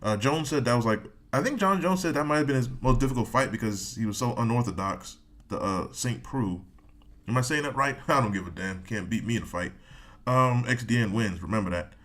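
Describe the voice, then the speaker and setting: A man's voice: medium pitch, brisk, fairly bright tone. A man hosting a reaction video, reading a sports article aloud with rambling, joking asides and frequent laughs.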